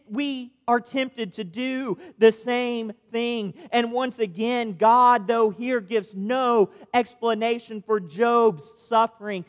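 A man preaching a sermon as a pastor, earnest and posing rhetorical questions to his listeners. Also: very high voice. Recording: long reverb of a large hall.

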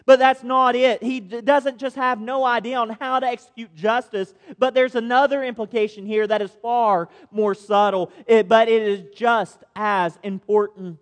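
A man's voice: extremely high pitch, steady tone, normal speed, hardly any pauses. A man preaching a sermon as a pastor, earnest and posing rhetorical questions to his listeners. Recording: long reverb of a large hall.

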